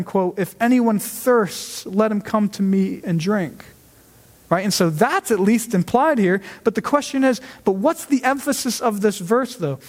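High-voiced pastor preaching in a reverberant church. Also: male voice. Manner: conversational, frequent rhetorical "right?", slows for emphasis. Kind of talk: sermon. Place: church sanctuary.

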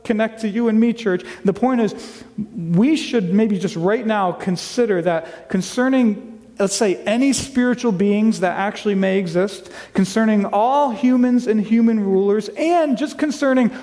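A man's voice: high-pitched, normal speed, dark tone. Guy pastor preaching in church, earnest, keeps repeating himself, big hall echo. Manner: earnest, repeats words, restarts often. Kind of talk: sermon. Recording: long hall reverb.

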